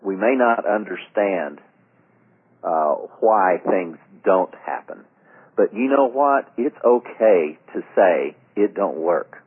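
A former pastor co-hosts a radio talk show, his low voice lively in intonation, slow and breathy at the edges. He rambles through stories and trails off with many fillers, heard through narrow, phone-like radio sound.

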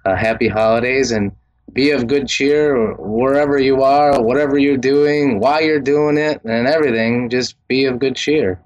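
A man from Wisconsin calling in to a radio show and chatting in a friendly, relaxed way with holiday greetings. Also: mid-range voice, moderate pace, lo-fi sound. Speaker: caller. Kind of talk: casual phone chat.

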